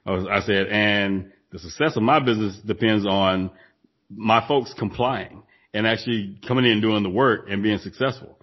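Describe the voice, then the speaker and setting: Man, co-host, husky and a little muffled, emphatic, repeats himself for weight. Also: fairly low pitch, steady tone, normal speed. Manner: emphatic, repeats phrases for stress. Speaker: podcast co-host, former gym owner. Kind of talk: casual business chat.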